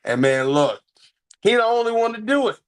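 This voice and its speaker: On a casual wrestling review podcast, a male co-host talks in a very animated, high voice at normal speed. He's playful and pumped up, repeating phrases to drive his points home.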